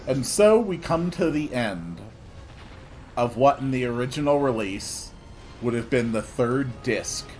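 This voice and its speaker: A man's voice: mid-range voice, expressive, measured pace, darkish tone, slight background noise. A man hosting a let's play, giving casual, offhand gameplay commentary.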